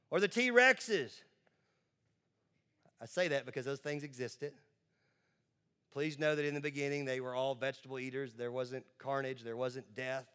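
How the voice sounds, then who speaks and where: A man preaching a sermon as pastor to a congregation in a church. He talks emphatically, moving between quick asides and slow, drawn-out words. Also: mid-range voice, a bit bright, clean tone.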